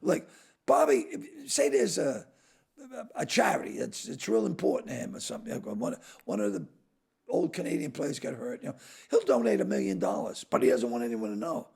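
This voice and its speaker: A man, a podcast guest telling comic stories in an animated way, swearing freely and breaking into loud laughs. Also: mid-range voice, moderate pace, creaky, breathy edge. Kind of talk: comedic storytelling.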